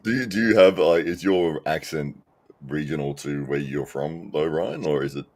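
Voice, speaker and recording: A man with an extremely deep voice and a northern English accent, chatting easily as a podcast guest. He answers briefly and agreeably. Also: normal speed. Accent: British, northern English. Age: adult, has children. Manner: relaxed, agreeable, short replies. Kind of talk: casual podcast chat.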